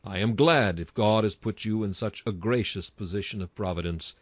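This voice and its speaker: A man's voice: on the low side, moderate pace, no room sound. A man reading a Victorian sermon aloud in an emphatic style that rises to bursts of fervor. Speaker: sermon reader.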